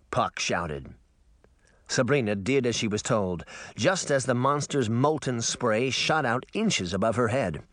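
A man narrating a children's fantasy novel in an expressive, dramatic audiobook style. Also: medium pitch, no echo.

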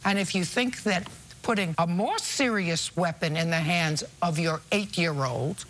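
A woman's voice: on the low side, normal speed, a bit bright. A woman presiding as a TV courtroom judge, blunt and sarcastic, scolding a litigant. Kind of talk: courtroom judgment. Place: TV courtroom set.

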